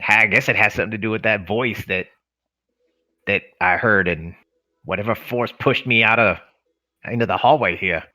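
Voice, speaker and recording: A man's voice: lowish voice, moderate pace, pauses often, sharp tone. A man playing a tabletop game in character, cocky and chatty, swearing casually. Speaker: player. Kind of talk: in-character tabletop role-play.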